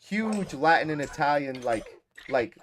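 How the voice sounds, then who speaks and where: Casual, talkative male streamer from Massachusetts, voice a touch high, drops easily into Spanish. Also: animated, measured pace, a little hiss or hum. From Massachusetts, USA. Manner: chatty, rambling and easygoing; switches freely into Spanish. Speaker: gaming livestream host. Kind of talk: casual chat with live chat viewers.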